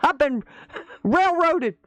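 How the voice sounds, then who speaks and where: Woman doing a whiny, shrill man in a panic, squealing that he's been found out, dry close sound. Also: expressive, takes it slowly, no echo. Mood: mocking panic. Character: panicking, whining man mocked as a fraud.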